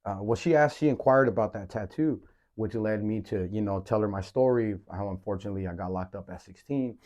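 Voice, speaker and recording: A man hosting a podcast, speaking candidly in a halting personal monologue, often repeating words and saying "man". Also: lowish voice, darkish tone, lo-fi sound. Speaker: podcast host.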